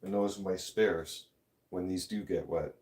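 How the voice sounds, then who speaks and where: A man with a somewhat low voice vents on camera in a loose, profane rant. He talks bluntly, circles back on himself and trips over his words as he goes. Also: steady tone, unhurried, a little mellow. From Canada. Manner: blunt, profane, rambling with restarts. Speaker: vlogger. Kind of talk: ranting vlog.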